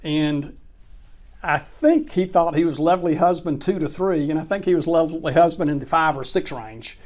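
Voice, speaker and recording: Middle-aged man, lively anecdote teller, a bit high-pitched. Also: normal speed. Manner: animated anecdote teller, acts out quoted dialogue. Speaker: real estate closing attorney. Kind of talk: storytelling in an interview.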